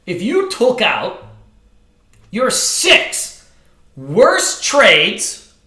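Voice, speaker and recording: A man's voice: high voice, wildly swooping pitch, drawn-out words, sharp tone, heavily acted. A man playing a blunt, matter-of-fact trading coach. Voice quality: matter-of-fact, plain-spoken. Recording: roomy hall echo.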